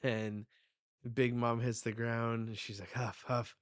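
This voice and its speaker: A young man reading a manga chapter aloud in a live reaction, excitable and swearing as he goes. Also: medium pitch, a little slow, clean tone, dry recording.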